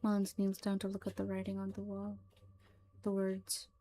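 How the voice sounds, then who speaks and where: A woman narrating a horror story in a slow, hushed, even manner. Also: mid-range voice.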